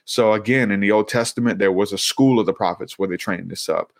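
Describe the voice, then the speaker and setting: A man speaking as an interview guest, earnest and halting, often repeating words as he tells his story. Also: lowish voice, no room sound, studio quality. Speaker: interview guest, Christian minister. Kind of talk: casual interview conversation.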